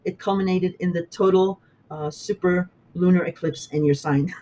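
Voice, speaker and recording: A man giving a casual horoscope talk as an astrologer, halting and rambling with many fillers and restarts, emotional and quick to laugh. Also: sits high, fairly even intonation, dark tone, poor audio.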